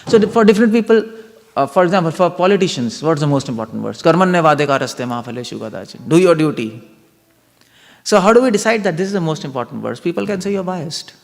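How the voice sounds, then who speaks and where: Male spiritual lecturer, gravelly, Socratic questioning style, recorded in a reverberant temple hall. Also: a little high, lively intonation, fast. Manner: questioning, reasoning aloud, asks the audience.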